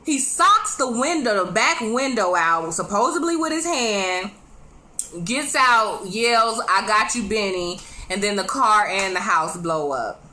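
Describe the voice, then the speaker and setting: A woman recapping a TV episode in a casual, chatty way. She is animated, laughs often and speaks straight to her viewers with quick asides. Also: medium pitch. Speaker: TV show reviewer.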